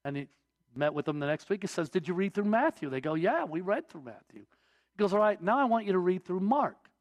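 A man's voice: sits high, very animated, a little fast. A man in his forties preaching a sermon, telling stories and pressing his points with emphatic, preacherly build-ups. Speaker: pastor.

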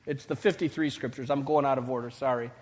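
A man preaching a sermon in a conversational style, building to emphatic points and dropping to quiet, hushed lines. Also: medium pitch, fairly even intonation, fast talker. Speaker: pastor.

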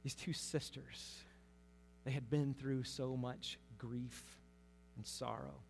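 A man giving conversational Bible teaching, telling the story in a lively way with humorous asides. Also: medium pitch, takes it slowly, vocal fry, slight background noise. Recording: long hall reverb.

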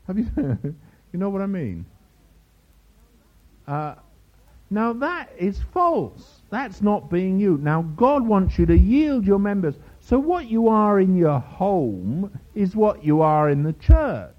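A man preaching a sermon to a congregation, lively and teasing, mimicking other preachers' voices for humor. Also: high voice, a little slow. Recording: dull lo-fi sermon recording.

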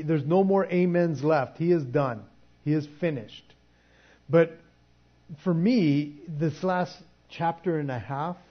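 A man's voice: a little high, lo-fi sound. A man preaching a sermon in a conversational way, often restarting his sentences. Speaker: pastor.

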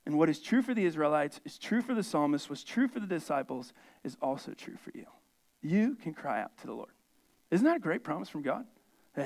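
Male pastor, high-pitched, dynamic sermon delivery with big swings in emphasis. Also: very animated, a little fast, gravelly, darkish tone. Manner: dynamic preaching, rising to emphatic peaks then dropping low.

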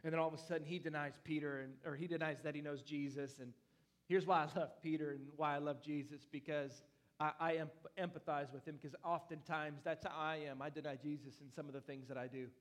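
A young adult man preaching a sermon in a church, animated and playful, with loud and soft swings as he talks. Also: a little high, brisk. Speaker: pastor.

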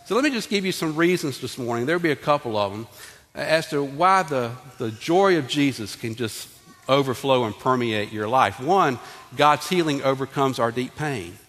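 A middle-aged man, preaching a lively sermon to his congregation and often asking them questions directly. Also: on the high side. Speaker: pastor. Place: church sanctuary. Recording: long hall reverb.

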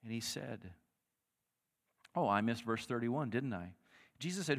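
A male pastor preaching a sermon in a conversational, animated way, acting out the people in the story. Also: mid-range voice, normal speed, vocal fry, big-room sound. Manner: animated, conversational, acts out quotes.

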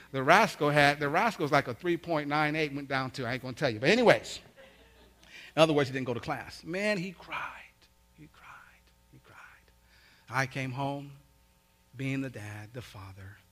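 A middle-aged man preaching, telling a family story and acting out the voices with big swings in loudness. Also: medium pitch. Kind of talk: sermon storytelling.

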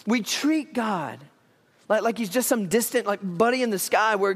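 A male pastor preaching a sermon, telling a Bible story with lively, acted-out dialogue. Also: high voice, moderate pace, big-room sound. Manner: animated storytelling, acting out Bible characters. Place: church sanctuary.

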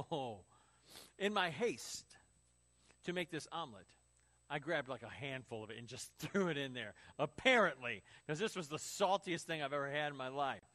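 High-voiced pastor preaching with lively stories. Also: male voice, moderate pace. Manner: storytelling with acted quotes and laughs. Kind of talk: sermon.

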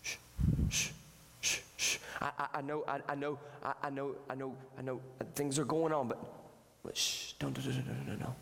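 A man puts on a sly male evil spirit in whispered role-play, coaxing and hushing, breathy and low with endless shh sounds. The whisper trails off into the long echo of a large hall. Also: little pitch movement, normal speed. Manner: hushing, repeating shh, soothing.

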